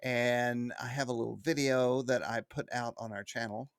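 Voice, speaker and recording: A man's voice: medium pitch, steady tone, normal speed. A man hosting a weekly hobby news roundup, chatty and enthusiastic, with frequent fillers. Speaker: host of a weekly RC news show.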